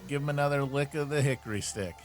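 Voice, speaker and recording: Man, tabletop player, brash, gleeful, mid-pitched. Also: fast, faint music behind. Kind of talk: casual tabletop game chat.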